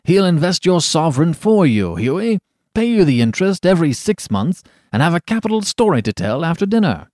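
A male narrator puts on a worldly young painter who teases and chuckles through every remark. The voice swings up and down with lively pitch. It sits close and dry, with no room around it. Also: a little fast, no echo. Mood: teasing. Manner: teasing, breezy, given to laughter.

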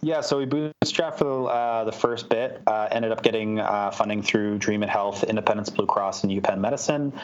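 Hesitant founder, low muffled voice. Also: male voice, moderate pace, hardly any pauses. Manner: hesitant, many fillers and restarts. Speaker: startup founder. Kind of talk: interview answers.

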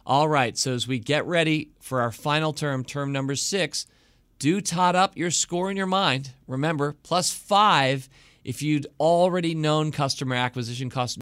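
A man's voice: a little high, a bit bright, no echo. Playful quizmaster man, dry close mic. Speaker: podcast host. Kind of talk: casual podcast chat.

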